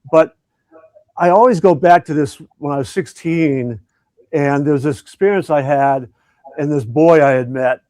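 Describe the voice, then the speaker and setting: A middle-aged man, an education coach, telling a personal story in an interview, earnest and reflective with halting restarts. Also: medium pitch, a little mellow, no room sound. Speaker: education coach and conference speaker.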